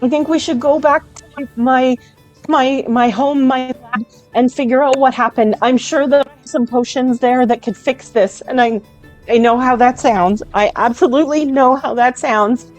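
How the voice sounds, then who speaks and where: A woman's voice: sits high, normal speed, soft background music, voice pushed up, close to an everyday voice, low-quality recording. A woman voicing a panicky male potion seller who stammers and pleads, in a tabletop game. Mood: earnest.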